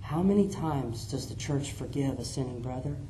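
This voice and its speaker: Animated preacher in an echoey room. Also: male voice, mid-range voice, moderate pace, a little hiss or hum. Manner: animated, acts out the Bible figures in voices. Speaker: pastor. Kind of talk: sermon. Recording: echoey room with faint ambience.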